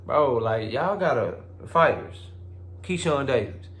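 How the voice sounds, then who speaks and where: A man's voice: mid-range voice, animated, takes it slowly, fairly bright tone, a little hiss or hum. Blunt, profane man ranting about boxing. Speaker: boxing commentary vlogger. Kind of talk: casual opinion rant. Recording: roomy echo.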